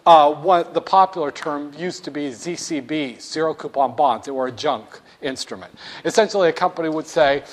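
A man's voice: a little high, normal speed. A man giving a classroom finance lecture, wry and joking, acting out little scenes for his students.

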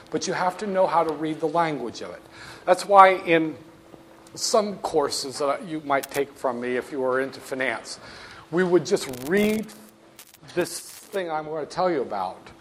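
A man's voice: fairly high pitch, slight background noise. A man giving a classroom lecture on finance, wry and storytelling, with asides to the class.

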